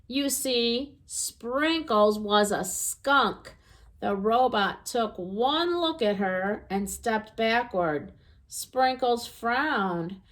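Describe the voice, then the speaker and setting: A woman narrating a children's storybook aloud in an expressive, gentle reading voice. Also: on the high side, extremely slow.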